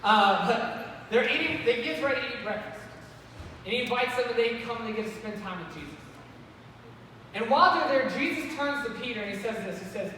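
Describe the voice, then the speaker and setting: Man, children's church teacher; easygoing and lively, asks the kids questions; distant mic, very echoey room. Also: high voice, quick pace, slight background noise. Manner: casual and lively, asks the kids questions and gets them to respond. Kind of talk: Bible lesson for kids. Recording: echoey hall, voice from far off.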